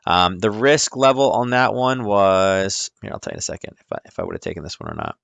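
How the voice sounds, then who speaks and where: Low-voiced man talking through charts. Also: wildly swooping pitch, fast, vocal fry, fairly bright tone, clean tone, no room sound, lo-fi sound. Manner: chatty, explains step by step with frequent ums and "right?". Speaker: trading educator hosting a nightly stream. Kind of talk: casual live-streamed chart walkthrough.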